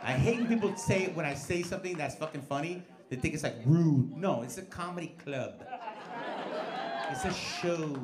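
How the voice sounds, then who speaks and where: A man's voice: a little high, animated, moderate pace. Brash, profane comedian in his forties. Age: 40s. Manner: profane, brash, teasing the audience. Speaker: stand-up comedian. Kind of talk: stand-up crowd work. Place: comedy club stage. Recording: echoey club with crowd noise. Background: laughing club audience.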